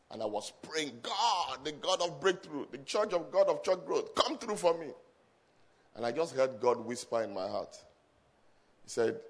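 A middle-aged man, a pastor, preaching a sermon to a congregation, telling stories in a low voice and then rising to loud emphatic peaks, with call-and-response. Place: church service with a congregation.

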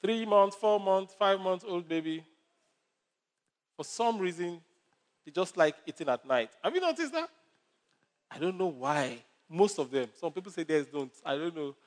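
A man's voice: high-pitched, animated, moderate pace, long pauses. A male pastor preaching a sermon with numbered points, stories and humor.

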